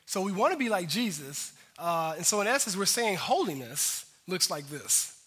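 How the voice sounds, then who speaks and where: A male pastor preaching a sermon in a casual, lively way, with slang asides to the congregation. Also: high voice, normal speed, breathy edge, big-room sound.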